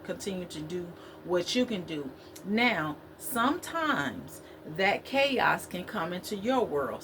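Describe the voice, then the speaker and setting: A woman's voice: mid-range voice, background noise. A woman giving a spiritual talk to her viewers, preachy and repetitive, in a conversational way. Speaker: spiritual vlogger.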